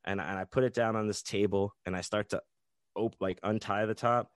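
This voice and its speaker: Guy with a lowish voice rambling thru a wild story, cusses a lot, dry sound. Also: steady tone, moderate pace, no echo. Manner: rambling, profane, many restarts. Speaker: podcast guest, author. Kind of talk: casual anecdote telling.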